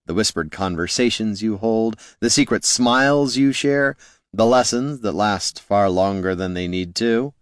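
A man's voice: on the low side, a little slow, dry recording, studio quality, natural voice. A man voicing a smug, flamboyant male bard who teases in an airy, sing-song way. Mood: sly.

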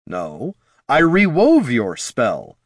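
A man's voice: medium pitch, big pitch swings, normal speed, a bit bright, dry recording, studio quality. A man voicing a bookish male wizard who talks in a precise, eager way.

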